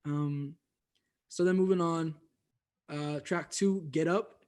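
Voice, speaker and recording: A man's voice: a little high, steady tone, slow pace, a little mellow. A man co-hosting a podcast, reviewing music in loose, laughing casual chat full of fillers. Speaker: podcast co-host.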